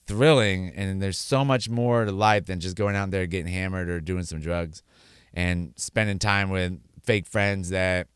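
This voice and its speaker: A middle-aged man speaks in a low, smooth voice, close and dry with no room sound. He talks candidly and earnestly, rambling and restarting sentences and slipping into little acted-out quotes. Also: fairly even intonation, a little slow, fairly bright tone, dry recording. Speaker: podcast host sharing his sobriety story. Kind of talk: candid personal monologue.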